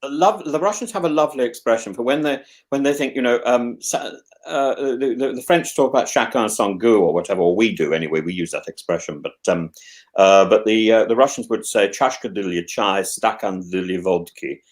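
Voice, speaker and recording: Rambling English man, lively pitch. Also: a little fast. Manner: rambling, with many restarts and stammered repeats; musing and discursive. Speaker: host. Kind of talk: casual chat.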